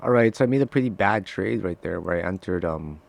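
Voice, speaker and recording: A man giving live trading commentary to his viewers, excitable and profane, swinging from loud frustrated outbursts to low muttering. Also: brisk, gravelly. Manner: talks straight to viewers, calling them guys. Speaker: day trader streaming live trades.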